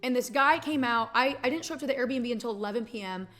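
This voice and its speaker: A young woman from Texas talks to her stream in a loose, rambling way. Her voice sits a little high, and she swears casually while getting tender and emotional. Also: fast, fairly bright tone. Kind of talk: casual chat.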